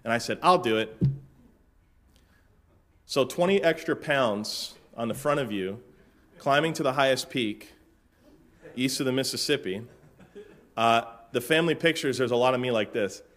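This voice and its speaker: A man from Florida, a pastor in middle age, opens his sermon with a relaxed, chatty story. His voice is mid-range and easygoing, with dry asides and plenty of filler words. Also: medium pitch, moderate pace. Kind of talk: casual sermon-opening story.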